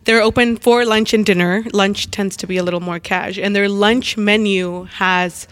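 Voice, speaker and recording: Podcastgast: vrouw met Mexicaans accent, droge opname, spreekt uitgebreid en zonder omwegen. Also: female voice, medium pitch, steady tone, moderate pace, fairly bright tone, no echo. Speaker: guest, restaurant professional. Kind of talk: casual chat.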